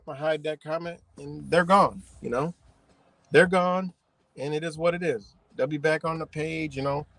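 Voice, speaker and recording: A man rants on a casual livestream from behind the wheel of his car. His voice sits a touch high and sounds dry and close, and his talk is profane, animated and rambling. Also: no echo. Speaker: livestream host.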